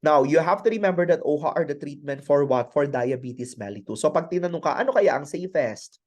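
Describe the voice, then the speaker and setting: A man's voice: fairly high pitch, animated, fairly quick, a little mellow, highs cut off. A man with a Filipino accent teaching a nursing pharmacology night class, switching between English and Filipino and repeating key terms as he quizzes students. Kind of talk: online class lecture.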